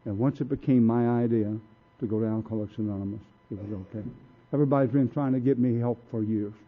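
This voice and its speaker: A man's voice: mid-range voice, fast talker. Streetwise man telling his story, tinny. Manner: blunt streetwise storytelling, acts out quotes. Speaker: recovery meeting speaker. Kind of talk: personal story talk. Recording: tinny phone-like recording.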